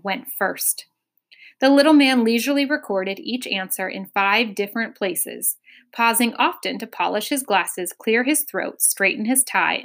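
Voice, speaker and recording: A woman narrating a chapter of a children's storybook. Her delivery is expressive, with dramatic pacing, and her voice sits at a middle pitch. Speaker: audiobook narrator.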